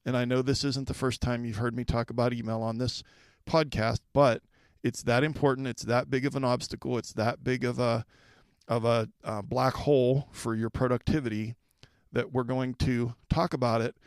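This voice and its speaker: A man's voice: mid-range voice, fairly even intonation, moderate pace, clean tone, dry recording. Male podcast host, solo, conversational, mid-range voice, dry untreated sound. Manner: conversational, asks listeners direct questions. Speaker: podcast host and school leadership coach.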